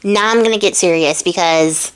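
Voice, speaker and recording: A woman's voice: on the low side, normal speed, clean tone, voice pushed down, natural voice, low-quality recording. A woman voicing a devoted, earnest female snake spirit searching for her husband. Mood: firm. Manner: earnest, determined.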